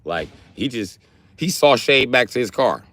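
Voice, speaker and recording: A man's voice: mid-range voice, lively intonation, a little slow, fairly bright tone. A young man from Wisconsin, a livestreamer telling a rambling, profane comic story with lots of energy.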